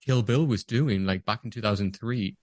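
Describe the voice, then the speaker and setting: A man's voice: lowish voice, moderate pace, a little mellow, no echo. A man co-hosting a podcast, chatting casually and enthusiastically about a movie he loves. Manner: enthusiastic, gushing, acts out quotes. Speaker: podcast co-host. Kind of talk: casual movie review chat.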